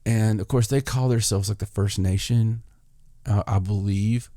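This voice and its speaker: Podcast guy with a deep mellow voice, chatty storyteller, dry close mic. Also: unhurried, no echo. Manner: animated, acts out both sides of an argument. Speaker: podcast host. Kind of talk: casual storytelling chat.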